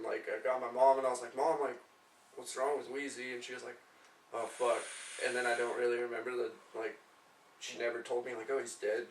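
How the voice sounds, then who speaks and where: Young guy rambling on a couch podcast, bright voice, sounds far off in an echoey room. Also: mid-range voice. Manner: loose, profane, rambling. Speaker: podcast co-host. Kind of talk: casual chat, storytelling. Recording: roomy, distant mic, faint noise.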